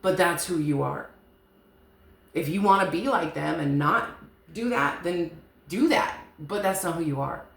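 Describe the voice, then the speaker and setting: A woman's voice: deep voice, measured pace, creaky. A woman giving a casual, rambling tarot reading, frank and chatty, swearing now and then. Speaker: tarot reader. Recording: echoey room with faint hiss.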